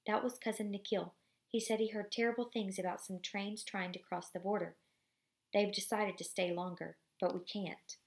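A stern, worried father of a family voiced by a woman reading a storybook aloud speaks in flat, clipped orders. The voice has a gravelly creak and no great change from the reader's own. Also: medium pitch, normal speed, natural voice.

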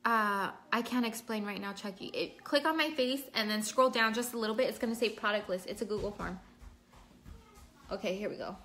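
A makeup vlogger chats her way through a relaxed home livestream tutorial, calling out viewers' names while applying makeup. She speaks a little fast in a mid-range, slightly bright voice.

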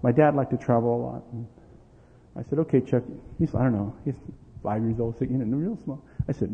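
This is a fairly quick, medium-pitched man, a middle-aged pastor whose sermon drifts into family stories. He voices the quoted lines with lively energy and laughs along, and the audio is thin and lo-fi, drenched in long hall echo.

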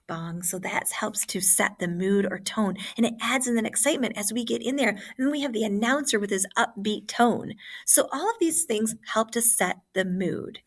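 A woman's voice: mid-range voice, breathy edge. A woman teacher giving an online classroom lesson and walking students through examples step by step.

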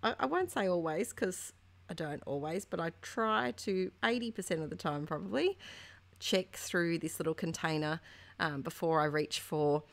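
A woman in her thirties chatting casually and warmly about her scrapbooking as a voice-over, meandering from one thought to the next. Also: fairly low pitch, moderate pace, gravelly. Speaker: craft vlogger.

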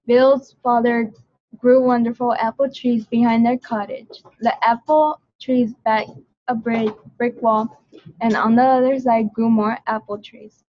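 Woman carefully reading a children's story. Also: fairly high pitch. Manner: careful reading with small slips and restarts. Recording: dull lo-fi recording.

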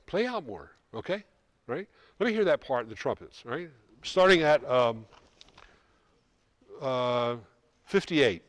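A middle-aged man coaching a school band in rehearsal, brisk and joking, calling out counts and singing rhythms. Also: mid-range voice, very animated, dry recording. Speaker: band clinician.

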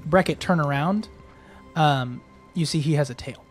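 A man with a noticeably high voice runs a tabletop game, narrating in a loose, rambling way full of fillers and small laughs. Soft music sits faintly behind him. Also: moderate pace. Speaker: game master.

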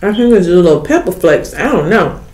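A woman's voice: lowish voice, sing-song, fairly quick, darkish tone. A woman eating on camera and chatting casually to viewers. She hums and chews between remarks and calls her viewers "y'all". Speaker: mukbang eating vlogger. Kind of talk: casual eating-video chat. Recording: echoey room with faint noise.

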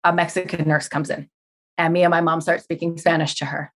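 A woman in her thirties tells her own story as a podcast guest. She acts out each exchange with plenty of feeling and swears freely, and her voice sits a little low. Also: brisk. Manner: animated, acts out quoted dialogue, swears. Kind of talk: emotional personal storytelling.

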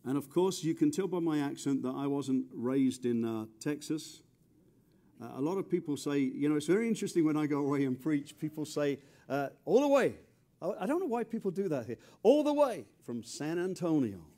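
A man's voice: a little high, animated, brisk, mellow. A man preaching a chatty, joking sermon, often stumbling and repeating words. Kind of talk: conversational sermon.

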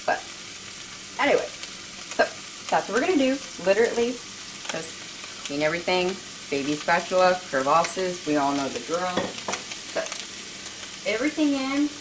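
A woman's voice: on the low side, very animated, a little slow, long pauses, noisy background. A woman hosting a home cooking video, chatting casually and poking fun at herself while she cooks at the stove. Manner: chatty, self-mocking, laughs often.

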